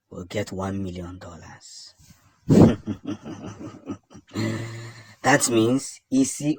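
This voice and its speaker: A man with a Nigerian accent delivers impassioned political commentary, emphatic and repetitive, building toward loud declarations. His voice is lowish, recorded with no room sound.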